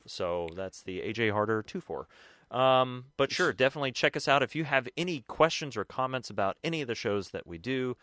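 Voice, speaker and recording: Male podcast co-host, bright tone, dry sound, wisecracking. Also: medium pitch, dry recording. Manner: jokey, self-deprecating. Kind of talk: casual joking podcast chat.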